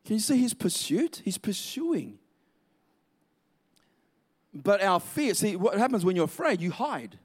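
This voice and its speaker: A man's voice: high-pitched, sing-song, unhurried, pauses often, husky. A man preaching a sermon in an emphatic, repetitive way, drawing out key words.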